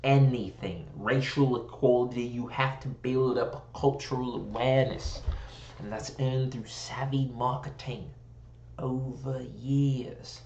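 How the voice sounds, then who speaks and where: A man's voice: mid-range voice, fairly even intonation, a little slow, a little mellow, lo-fi sound, slight background noise. Rambling American man in an echoey room. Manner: rambling, self-mocking, joking about slipping into a posh British accent. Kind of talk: casual chat.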